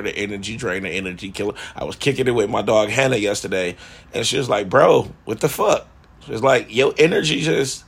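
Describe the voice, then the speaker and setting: A man's voice: mid-range voice, creaky, a bit bright, breathy edge. A man talking candidly in a rambling, profane personal monologue.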